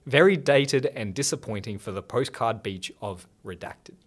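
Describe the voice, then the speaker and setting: A man's voice: medium pitch, moderate pace. A man co-hosting a podcast, chatting casually and reading out beach reviews with frequent laughter. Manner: laughs often, reads reviews aloud playfully. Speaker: podcast co-host.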